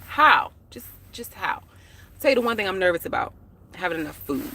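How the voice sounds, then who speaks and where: Woman live-streamer, bright, forward voice, chatty and slangy, speaking into a phone in a parked car. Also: lowish voice, very animated, a little fast. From United States. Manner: chatty, talks straight to viewers with slang and asides. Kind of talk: casual live-stream chat.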